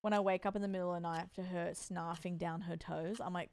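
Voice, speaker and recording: A woman's voice: on the low side, fairly even intonation, fast, darkish tone. A tired woman streamer chatting casually with her live chat and cooing to her cat between remarks.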